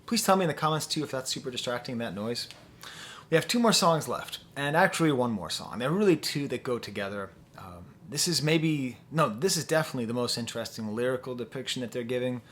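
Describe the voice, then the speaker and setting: A man's voice: mid-range voice, lively intonation, fast, fairly bright tone, slight background noise. A man giving a casual album review to camera at home, chatty and thinking aloud with fillers and restarts. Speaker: music reviewer.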